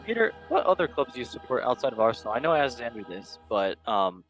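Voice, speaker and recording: A man's voice: mid-range voice, sing-song, fast talker, fairly bright tone, soft background music. Rambling, self-mocking male podcast host. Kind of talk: casual chat.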